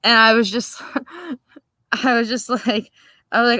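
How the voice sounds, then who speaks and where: A woman hosting a casual livestream, telling a story in a profane, animated way and laughing often. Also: fairly high pitch, moderate pace, long pauses, no room sound. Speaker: livestream host.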